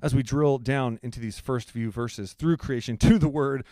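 A man's voice: mid-range voice, moderate pace, warm tone, dry recording, clean studio sound. A male pastor delivers a sermon in a conversational, earnest way, with humorous asides.

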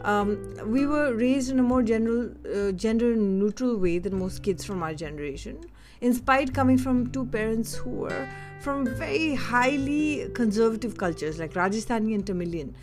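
A woman's voice: on the high side, moderate pace, over music. Reflective woman telling personal stories. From India (Delhi). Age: adult. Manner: candid, reflective, searching for words. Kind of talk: personal storytelling monologue.

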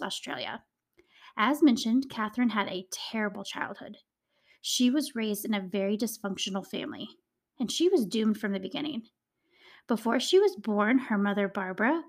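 Her voice is on the high side and a little mellow. A mother and adult host of a true crime podcast, she narrates the case chattily, adding dramatic emphasis.

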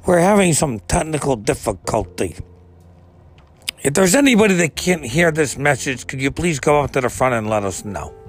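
A man mocking a bland, prim store intercom announcer by raising his voice and slowing down into a mock-polite tone. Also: very animated, soft background music. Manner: higher, slower, mock-polite.

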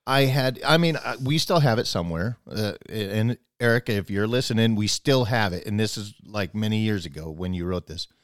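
A man's voice: on the low side, lively intonation, normal speed, hardly any pauses, no room sound, studio quality. A man telling a long personal story in casual chat, rambling, restarting his sentences, and acting out both sides of the conversation.

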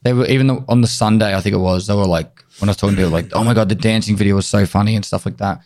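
A man co-hosting a casual podcast, telling animated stories and swearing freely. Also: fairly low pitch, racing. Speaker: podcast co-host.

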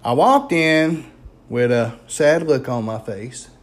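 A man's voice: medium pitch, slow. Chatty man with a Louisiana accent. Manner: chatty and animated, many fillers. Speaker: paranormal investigator. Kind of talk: casual storytelling.

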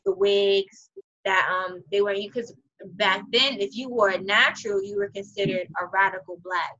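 A young adult woman telling stories in a casual chat over a video call, animated, profane and quick to laugh. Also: medium pitch, gravelly. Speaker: conversation partner. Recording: muffled video-call audio.

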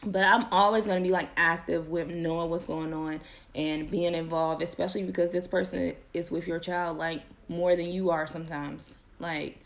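Young woman host, chatty and animated, slightly low-pitched, laughs a lot; casual podcast talk. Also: normal speed, gravelly. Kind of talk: casual chat to viewers.

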